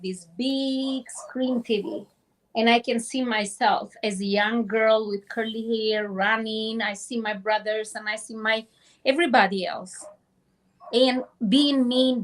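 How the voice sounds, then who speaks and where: A woman telling a long dream story over a phone call, halting and restarting often. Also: fairly high pitch, fairly even intonation. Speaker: guest.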